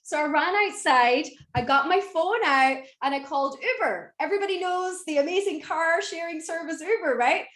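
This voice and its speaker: A woman's voice: very high-pitched, moderate pace, few pauses, a bit bright. A woman in her forties from Ireland, with an Irish accent, giving a motivational talk as a business mentor and rallying her audience to answer in the chat. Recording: roomy echo.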